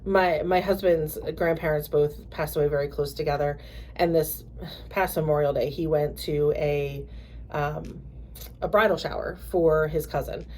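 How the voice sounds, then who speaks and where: A woman co-hosting a podcast, telling stories in a halting way with many restarts and acting out quoted voices. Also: sits low, slight background noise. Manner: animated storyteller, acts out quoted voices. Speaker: podcast co-host. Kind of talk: casual chat.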